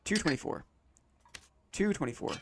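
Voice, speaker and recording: Chatty male game streamer, lively pitch. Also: normal speed, creaky, background noise. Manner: relaxed, chatty, repeats phrases to himself. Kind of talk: casual live-stream chat.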